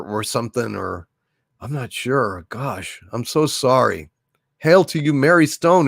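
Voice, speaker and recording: A man hosts a comedy livestream, reading viewer messages aloud in a casual, blunt, rambling and animated way, swearing freely. His mid-range voice has vocal fry, and the recording is clean studio sound with no room sound.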